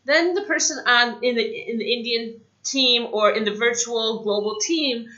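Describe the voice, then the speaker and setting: A woman giving a casual spoken English lesson, chatty, saying example phrases slowly. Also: fairly high pitch, sharp tone, muffled recording. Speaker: English teacher.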